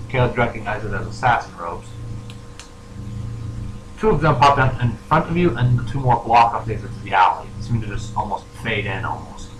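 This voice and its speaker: A man narrating as game master for a tabletop role-playing game, halting and full of fillers. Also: on the low side, a bit bright. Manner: halting, many fillers and restarts. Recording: noisy, echoey home recording.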